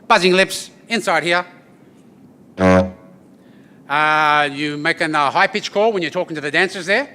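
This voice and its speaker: Bright-voiced man storytelling. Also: on the high side, slight background noise. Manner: lively, joking, addresses the crowd with "yeah?" tags. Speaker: didgeridoo performer. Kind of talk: storytelling performance to an audience. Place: event venue with an audience.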